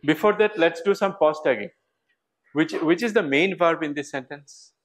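A man's voice: fairly high pitch, moderate pace. A man with an Indian English accent giving a university lecture, who asks the class questions and repeats words for emphasis. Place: lecture hall.

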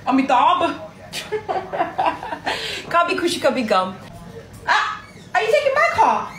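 A woman's voice: very high-pitched, huge pitch swings, slow pace, fairly bright tone. A woman hosting a casual live stream from her kitchen, chatting with viewers in a giggly, playful, teasing way. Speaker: livestream host. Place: home kitchen. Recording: echoey room with background noise.

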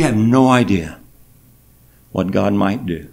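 Gravelly preacher. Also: male voice, on the low side, normal speed, darkish tone. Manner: emotional, swells up when telling the story. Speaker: pastor. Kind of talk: storytelling sermon. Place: church sanctuary.

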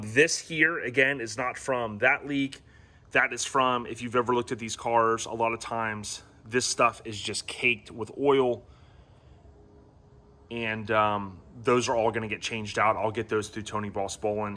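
A man hosting a casual, rambling walkaround of his classic car, giving owners tips. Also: mid-range voice. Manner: relaxed and rambling, many ums and restarts.

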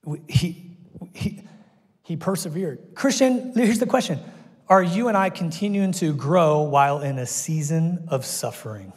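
Animated pastor preaching in a reverberant hall. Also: male voice, a little high, measured pace. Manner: animated storytelling, acts out quoted voices. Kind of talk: sermon. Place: church auditorium. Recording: long reverb of a church hall.

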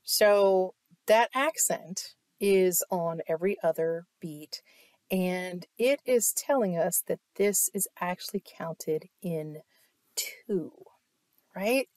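Woman music teacher, online lecture, unhurried and patient, dry booth sound. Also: lowish voice, darkish tone, dry recording. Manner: explanatory, asks "right?" often, claps to demonstrate.

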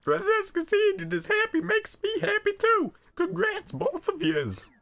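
A man voicing an elderly mother of a mafia family in a shrill falsetto, reading out game dialogue. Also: huge pitch swings, a little slow, vocal fry, fairly bright tone, heavily acted. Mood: delighted.

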